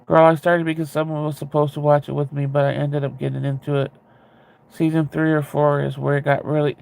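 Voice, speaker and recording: A man chatting casually with viewers, rambling and candid, with a ready laugh and a gravelly voice. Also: on the high side, little pitch movement, a little fast, darkish tone. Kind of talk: casual chat.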